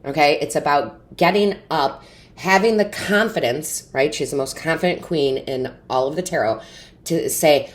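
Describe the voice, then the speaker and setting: A woman's voice: low voice, normal speed. A woman giving an intuitive tarot reading to camera, earnest and encouraging, often asking rhetorical questions. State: tearful, emotionally overwhelmed. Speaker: tarot reader.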